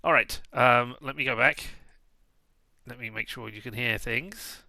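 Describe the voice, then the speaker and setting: Very bright-voiced rambling male streamer. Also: medium pitch, unhurried, gravelly, no room sound. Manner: rambling, jokey, digressive. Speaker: game streamer. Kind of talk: casual let's-play chat.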